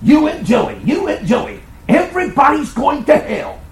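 A preacher doing a shrill scolding old aunt. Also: female voice, very animated, a little slow, a little mellow, reverberant, exaggerated voice. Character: angry older Italian aunt shaking a dish towel.

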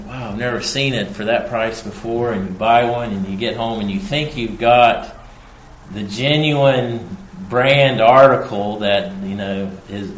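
A man preaching a sermon, slow and emphatic, repeating his key phrases. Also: medium pitch, slight background noise. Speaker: pastor. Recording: echoey room with faint ambience.

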